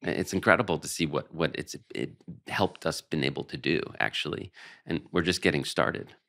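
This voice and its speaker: A man with a very low voice talks through his views as an interview guest. He is earnest and emphatic, restarting phrases as he goes. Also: normal speed, gravelly, a bit bright. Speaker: interview guest, human rights strategist. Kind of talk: conversational interview.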